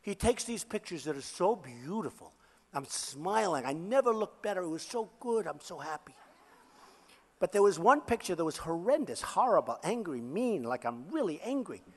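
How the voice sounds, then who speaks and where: A man's voice: high voice, big pitch swings, normal speed. An older man giving a rally speech as a political candidate, boastful and repetitive, talking off the cuff from a podium microphone in a large hall. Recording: echoey rally hall reverb.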